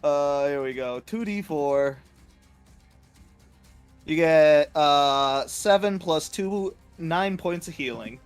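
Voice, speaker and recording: A man's voice: fairly high pitch, slow, clean tone, soft background music. A man playing a tabletop game, asking about rules and joking with the table, laughing often. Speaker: player.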